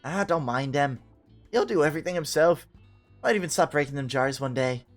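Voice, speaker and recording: A man's voice: fairly high pitch, a little fast, soft background music, natural voice. A man voicing a gossipy, folksy middle-aged mother in a game, chatty and fond of homespun phrases. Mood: fussing.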